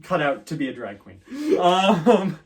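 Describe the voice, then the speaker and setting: A man's voice: fairly high pitch, animated, unhurried. A young man answering interview questions casually, with many fillers, restarts and easy laughs. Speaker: guest, student performer.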